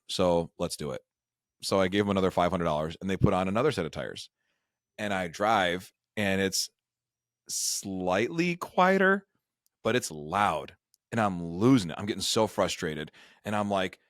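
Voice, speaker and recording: A man's voice: deep voice, no echo, clean studio sound. A middle-aged man hosting a retirement show, telling a chatty, self-deprecating story in a casual conversation. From Michigan. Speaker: retirement advisor and show host.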